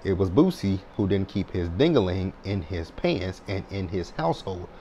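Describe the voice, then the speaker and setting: A man's voice: deep voice, big pitch swings, moderate pace, dark tone, highs cut off, a little hiss or hum. A man in his thirties giving a blunt, sassy, chatty recap of a reality show. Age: 30s. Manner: sassy, blunt, chatty with frequent "child" and "right?". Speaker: TV recap host.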